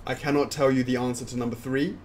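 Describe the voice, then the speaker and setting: A man's voice: mid-range voice, level tone, fast, darkish tone, slight background noise. A man hosting a casual Q&A stream, reading viewer questions aloud and answering them offhand. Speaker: host answering fan questions. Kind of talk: casual livestream Q&A.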